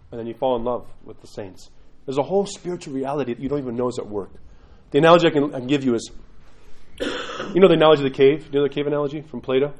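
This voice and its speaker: Fast-talking lively man teaching a church class. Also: mid-range voice, rough recording. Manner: lively, conversational, acts out quotes. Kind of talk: sermon-style class talk.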